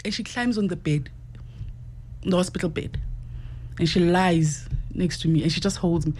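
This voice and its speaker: A woman's voice: fairly low pitch, normal speed, a little mellow, a little hiss or hum. A South African woman, a guest, vividly recounting a personal story and acting out what others said, in a studio. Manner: vivid, repeats quoted speech. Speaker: guest, para-athlete and journalist.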